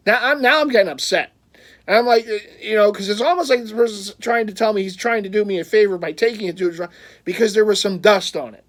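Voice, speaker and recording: A man telling a story in a casual vlog, rambling, stumbling over his words, laughing often and getting loud when frustrated. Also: high voice, a little fast. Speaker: vlogger, jersey collector.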